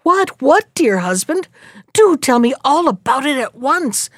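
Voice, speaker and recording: A woman's voice: high-pitched, measured pace, no echo, clean studio sound, voice pushed up. A woman voicing a foolish, impatient old peasant wife who scolds her husband. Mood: scolding. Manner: sharp, scolding, easily excited.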